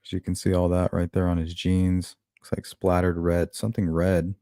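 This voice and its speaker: A man's voice: deep voice, completely flat delivery, moderate pace, warm tone, dry recording, clean studio sound. A man hosting true crime commentary, talking casually and thinking aloud as he reacts to news clips. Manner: conversational, thinking aloud with fillers.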